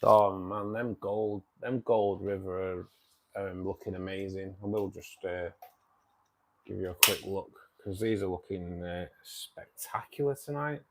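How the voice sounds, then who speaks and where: Chatty Manchester man, lowish voice. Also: steady tone, unhurried, a little hiss or hum. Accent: Manchester English. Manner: chatty, reads and answers viewer comments. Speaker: livestream host. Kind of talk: casual livestream chat.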